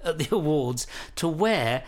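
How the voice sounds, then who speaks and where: A man hosts a relaxed chat and tells stories at length. He rambles and hesitates, restarting his sentences often, and his voice sits a little high for a man. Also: unhurried. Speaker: host. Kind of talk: casual talk-show chat. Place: Greenwich, London.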